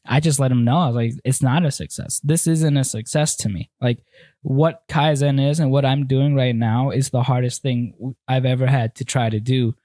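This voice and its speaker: A man's voice: medium pitch, normal speed, dry recording, clean studio sound. A young man hosting a casual podcast chat, candidly telling stories and acting out what people said. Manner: candid, animated storytelling with acted-out quotes. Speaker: podcast host.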